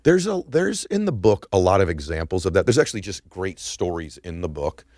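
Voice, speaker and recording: A middle-aged man from the United States hosts an interview podcast, his very low voice rising and falling with lively energy. He jumps eagerly between thoughts, often restarting a question midway. The sound is dry and close, with no room around it. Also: fairly quick, no echo. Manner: eager, restarts questions, quotes catchy sayings. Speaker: podcast host. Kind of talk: interview conversation.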